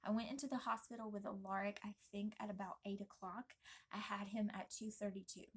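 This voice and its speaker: A young woman vlogging casually, talking in an emphatic, chatty and animated way. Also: mid-range voice, brisk, breathy edge. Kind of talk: casual pregnancy vlog talk.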